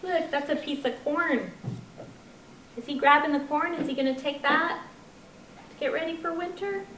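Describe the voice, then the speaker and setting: A woman's voice: high-pitched, moderate pace, fairly bright tone, a little hiss or hum. A woman at a children's library story time, reading a picture book aloud in a sing-song voice and asking the children questions. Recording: echoey library room.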